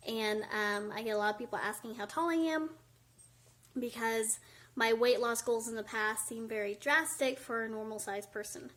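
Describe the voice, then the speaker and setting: A woman's voice: fairly high pitch, normal speed, fairly bright tone. Chatty woman, slightly breathless. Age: 20s. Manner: chatty, candid, many fillers. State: a little out of breath. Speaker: vlogger. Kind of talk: casual talking-head vlog. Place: indoors by a window at home.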